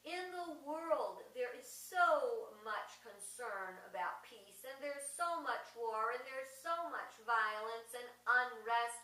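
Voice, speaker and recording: A middle-aged woman with a high, bright voice gives a gentle spiritual talk, slowing for emphasis. She sounds a little distant, with a roomy echo around her. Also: animated. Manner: gentle, slow emphasis, storytelling asides. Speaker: speaker giving an advent message.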